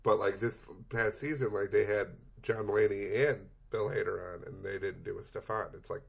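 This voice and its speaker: A man's voice: fairly low pitch, steady tone, normal speed, gravelly, breathy edge, lo-fi sound. A man co-hosting a comedy podcast, laid-back and rambling, with trailing asides. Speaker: podcast co-host. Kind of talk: casual comedic chat.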